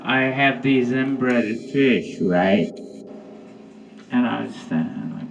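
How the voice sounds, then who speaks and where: A man's voice: mid-range voice, slow, vocal fry, long pauses, distant mic, dull audio, noisy background. A man doing a stand-up comedy set, telling rambling, profane stories.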